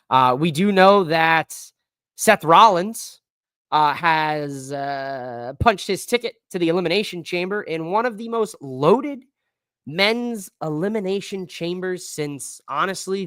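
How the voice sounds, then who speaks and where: A man's voice: fairly high pitch, fairly bright tone, clear, resonant tone, no echo, studio quality. A man hosting a casual live-stream wrestling show, talking loosely with slang and lots of fillers. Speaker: wrestling podcast host.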